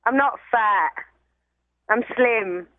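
A woman's voice: a little high, drawn-out words, no echo. A woman in her forties with a London Cockney accent, calling in to a radio talk show with cheeky, dry jokes and frequent laughter. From England. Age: 40s. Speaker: caller. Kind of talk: call-in radio chat. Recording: muffled phone line.

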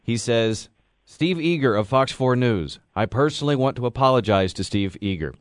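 A man reading the news on a radio show, using a deep announcer's radio voice on a studio microphone. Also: lively intonation, moderate pace, dry recording.

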